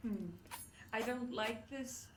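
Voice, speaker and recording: A woman's voice: fairly high pitch, flat delivery, slow pace, roomy sound. A young woman with a Swedish accent chatting casually on a live stream, self-conscious and playful. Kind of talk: casual chat. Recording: distant mic with faint noise.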